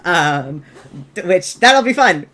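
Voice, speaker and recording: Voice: mid-range voice, very animated, slow, sharp tone. A game master running a streamed tabletop game, giggly and loose, swearing casually.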